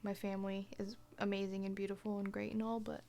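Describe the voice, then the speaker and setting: A young woman talking casually in a personal vlog, soft-spoken and often half-whispering, hesitant with lots of fillers. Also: medium pitch, flat delivery, fast, creaky, a little hiss or hum. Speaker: vlogger.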